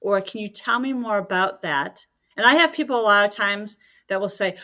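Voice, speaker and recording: A woman's voice: medium pitch, fairly quick, sharp tone. A middle-aged woman talking as a podcast guest, a medium and healer who chats casually and acts out quoted dialogue as she tells stories.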